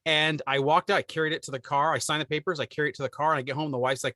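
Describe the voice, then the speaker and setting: Bright-voiced man telling stories. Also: fairly high pitch, fast, no echo, studio quality. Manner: animated storyteller, acts out quoted people. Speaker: podcast co-host. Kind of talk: casual chat.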